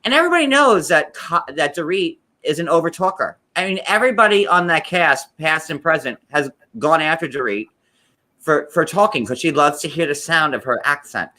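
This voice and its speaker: A man's voice: on the high side, animated, brisk, sharp tone. A man co-hosting a casual recap chat, rambling with lots of fillers and restarts. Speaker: co-host recapping a reality show.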